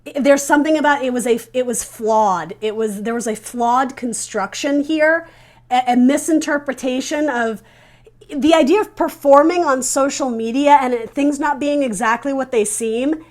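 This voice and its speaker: A woman with a somewhat high voice giving a casual tarot reading straight to the camera. She talks earnestly and directly to her viewer, feeling her way toward each message as she speaks. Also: normal speed, darkish tone. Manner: thinks aloud, searching for words. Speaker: tarot reader.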